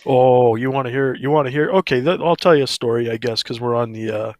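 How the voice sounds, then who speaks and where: A man's voice: medium pitch, fast, a little mellow, no room sound, clean studio sound. A man telling a story on a livestream, profane, blunt and ranting.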